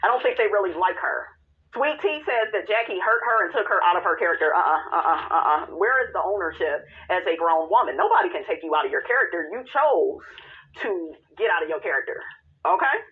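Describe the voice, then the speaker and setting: A woman giving a sassy, blunt recap of a reality show in casual commentary, swearing freely and talking straight to her viewers. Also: on the high side. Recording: tinny phone-line sound.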